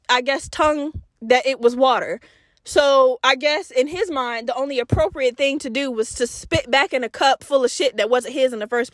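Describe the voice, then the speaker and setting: A young woman hosting a podcast, telling a story in a loud, profane, animated casual way straight to her listeners. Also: sits high, dry recording, studio quality. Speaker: podcast host. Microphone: podcast mic.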